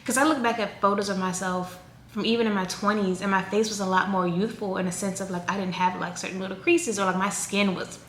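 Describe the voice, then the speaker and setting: A woman's voice: medium pitch, brisk. A woman in her thirties chats to her viewers in a loose, rambling way, full of asides. Her voice bounces around a reverberant room, with a faint hiss of background noise underneath. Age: 30s. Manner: chatty, rambling, animated. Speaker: vlogger. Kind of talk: casual chat to camera.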